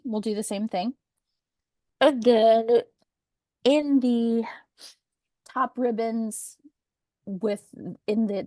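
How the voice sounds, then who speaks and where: A woman's voice: mid-range voice, a little mellow, dry recording. Chatty woman teaching a webinar. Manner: chatty, practical explainer with sarcastic asides. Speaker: webinar presenter. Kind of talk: teaching webinar on document accessibility. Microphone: video call.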